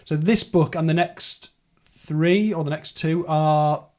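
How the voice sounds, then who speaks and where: A man's voice: a little high, slow, a little mellow. A man hosting a casual podcast chat, rambling through details in a chatty way. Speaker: podcast host. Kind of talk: casual book-club chat.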